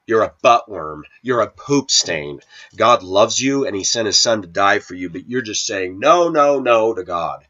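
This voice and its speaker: A man's voice: lowish voice, lively intonation, unhurried, pushed and bright. Sniffly middle-aged man ranting to camera. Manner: preachy, combative, scolding. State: sniffly with a cold. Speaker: video channel host. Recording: dull lo-fi sound.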